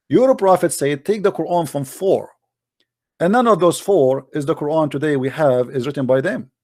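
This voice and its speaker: A man's voice: fairly high pitch, a little mellow, no echo, studio quality. A man hosting a heated religious debate, arguing insistently in broken English. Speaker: host debating a caller.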